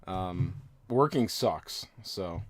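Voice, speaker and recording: A man's voice: low voice, expressive, very slow. A man in his thirties, drunk, chatting casually on his stream in a rambling, crude, self-mocking way with frequent laughs. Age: 30s. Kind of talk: casual chat.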